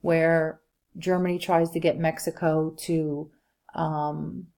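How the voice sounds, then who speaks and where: A woman with a slightly low voice gives a recorded history lecture over slides. She talks in a loose, chatty way, full of "um"s and quick asides to her students. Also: level tone, vocal fry, mellow. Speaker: history teacher.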